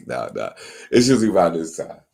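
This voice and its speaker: Halting low-voiced man hosting a live stream. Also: wildly swooping pitch, vocal fry, a little mellow. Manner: halting, many restarts and fillers, reads out viewer comments. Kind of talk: casual live stream chat.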